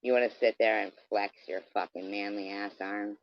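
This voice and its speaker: A man's voice: fairly low pitch, steady tone, normal speed, no room sound. A man delivering an aggressive, profane, taunting rant straight at his camera. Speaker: vlogger. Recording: dull lo-fi dry sound.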